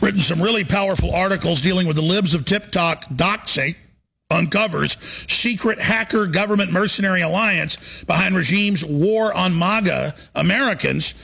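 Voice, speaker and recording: A man hosting a talk radio show, ranting in a heated, forceful monologue. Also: high-pitched, moderate pace, gravelly.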